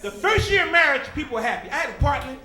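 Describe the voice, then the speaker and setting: A man with a very high, lively voice does a stand-up comedy routine, teasing the audience and jumping into quick character voices. He is recorded in an echoey club with a crowd laughing behind him. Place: comedy club stage before a live audience.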